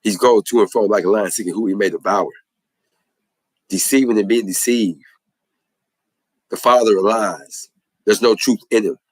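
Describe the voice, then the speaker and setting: A man's voice: lowish voice, moderate pace, long pauses, dry recording, rough recording. A man giving an impassioned religious testimony in a preacherly way, repeating phrases for emphasis.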